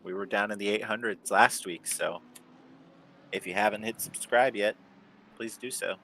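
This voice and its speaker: A man calmly calling an online sim race and plugging the channel. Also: fairly low pitch, slight background noise. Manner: unhurried, easygoing, plugs the channel. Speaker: sim racing commentator. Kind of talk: casual esports race commentary.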